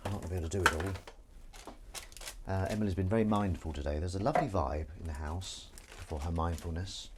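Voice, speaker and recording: A man's voice: sits low, fairly quick, background noise. A man with a Southern English accent hosting a live stream while washing up, chatting with viewers in a rambling, self-mocking way. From England.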